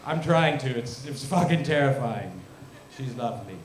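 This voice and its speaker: A man's voice: mid-range voice, animated, moderate pace, noisy background. A young man from South Africa doing a crude, rambling, self-deprecating stand-up set on a live stage into a handheld mic. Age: young adult. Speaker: stand-up comedian. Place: large room or hall, live stage. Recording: echoey hall.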